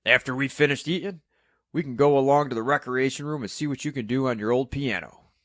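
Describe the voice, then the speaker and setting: A man's voice: medium pitch, a little fast, fairly bright tone, no room sound, studio quality, voice pushed up, lightly acted. Man putting on a mischievous old bandleader. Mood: upbeat. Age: older.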